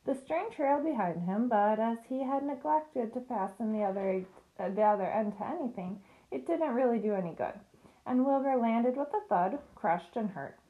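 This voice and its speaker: Woman, storybook narration, steady, clear, slightly high voice. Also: moderate pace, narrow, tinny audio. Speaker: reader. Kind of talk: storybook reading.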